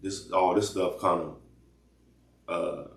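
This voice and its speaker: Deep-voiced rambling man, echoey room. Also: fairly even intonation, slow, creaky. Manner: loose rambling talk with repeated restarts. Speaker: commentary host. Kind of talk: casual commentary.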